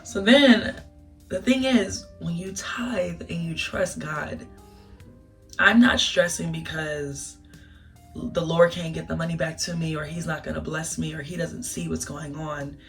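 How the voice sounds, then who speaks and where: A young woman telling a casual storytime vlog, animated and emotional, laughing through tears. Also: deep voice, a little slow. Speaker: vlogger. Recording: distant mic with music behind.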